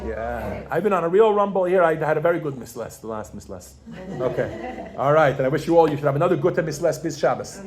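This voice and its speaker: A pregnant woman teaching Yiddish to a class, animated and casual, quizzing her students with frequent questions. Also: fairly low pitch. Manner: casual, with fillers and restarts. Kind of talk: classroom language lesson.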